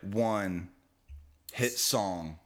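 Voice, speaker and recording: A man voicing a tempting male devil who makes grand offers in a low, coaxing tone. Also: drawn-out words.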